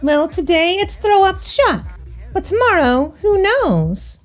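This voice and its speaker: A woman's voice: very high voice, very animated, slow, faint music behind. A woman VTuber playing a visual novel and commenting in a theatrical, teasing, prim manner. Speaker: VTuber game streamer.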